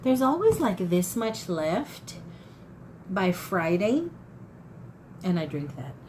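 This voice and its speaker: A woman's voice: mid-range voice, sing-song, takes it slowly, darkish tone, slight background noise, low-quality recording. A woman in her fifties chatting casually to viewers about her thrift haul, folksy and talkative. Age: 50s. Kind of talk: casual haul chat to camera.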